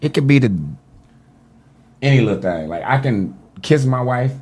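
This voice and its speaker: A man as a podcast guest, telling animated, slangy stories in casual chat and often cutting in with "listen". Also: mid-range voice, moderate pace.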